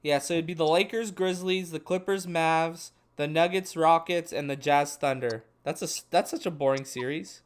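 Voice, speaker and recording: A man's voice: a little high, normal speed, hardly any pauses, clear, resonant tone. Rambling young man talking basketball. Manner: rambling, restarts thoughts mid-sentence. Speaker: podcast co-host. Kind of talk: casual sports chat.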